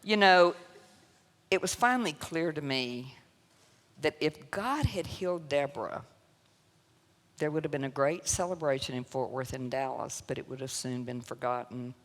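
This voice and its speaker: Her pitch sits extremely low as this Southern US woman, a guest speaker, tells her story at a normal speed to a church congregation. The testimony is emotional, moving between laughter and sorrow, and the sanctuary's long hall reverb surrounds it.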